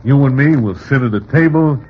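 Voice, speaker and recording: An actor playing a calm, bossy tough gambler in 1940s radio acting, with flat, stiffly formal phrasing. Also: male voice, mid-range voice, brisk, natural voice. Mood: deadpan. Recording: dull, faintly hissy old radio recording.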